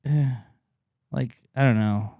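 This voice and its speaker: A man co-hosting a podcast in casual banter, animated, joking and swearing freely. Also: mid-range voice, slow pace, gravelly, no room sound, dull audio. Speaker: podcast co-host.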